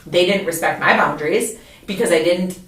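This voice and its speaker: A woman's voice: fairly low pitch, normal speed, a bit bright. Candid woman co-host in an echoey room. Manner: candid, confessional storytelling. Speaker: podcast co-host. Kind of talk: casual podcast chat. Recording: roomy echo, mic at a distance.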